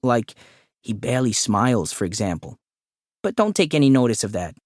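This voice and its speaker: A man's voice: medium pitch, very animated, moderate pace, no room sound, studio quality. A man voicing a short, bald, chatty office photographer with a nasal drawl who pants as he talks. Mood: chummy. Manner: eager, conspiratorial. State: panting.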